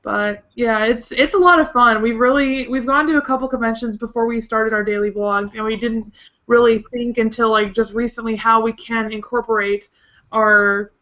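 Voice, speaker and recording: A fairly high, bright-voiced woman talking eagerly in a loose, filler-heavy way. She comes through dull, lo-fi call audio. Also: fairly even intonation, normal speed. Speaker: vlogger guest. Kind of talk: casual chat.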